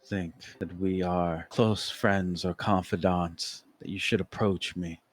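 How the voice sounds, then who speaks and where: Guy playing a cold formal bartender, deep voice, lectures slowly. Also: steady tone. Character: cold, imposing philosophical male bartender.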